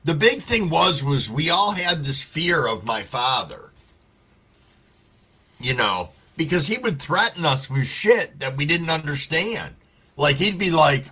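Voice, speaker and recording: A man's voice: fairly high pitch, very animated, takes it slowly, sharp tone, husky. A man hosting a casual live stream, telling stories in a laid-back way with lots of swearing and greeting viewers by name. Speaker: livestream host reading chat.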